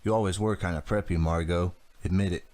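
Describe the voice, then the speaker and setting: Earnest, hesitant teen boy, voiced by a deep-voiced man reading a story. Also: fairly even intonation, a little fast, darkish tone, natural voice. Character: anxious, earnest teenage boy.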